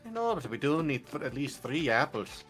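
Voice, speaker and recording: A man hosting a casual co-op game stream, playful and quick to laugh, with mock-offended teasing. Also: mid-range voice, sing-song, fairly bright tone, husky, faint music behind. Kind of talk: casual gameplay chat.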